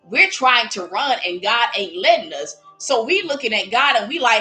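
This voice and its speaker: A woman preaching in a lively, casual way, acting out little voices as she speaks. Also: a little high, moderate pace, hardly any pauses, poor audio. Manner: animated, playful, acts out voices while preaching. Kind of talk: livestreamed preaching.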